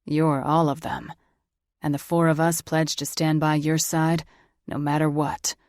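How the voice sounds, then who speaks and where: A woman's voice: sits low, little pitch movement, unhurried, no echo, studio quality. A woman reading the part of a cocky, grinning young man with a teasing manner. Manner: cocky, teasing, loud laugh.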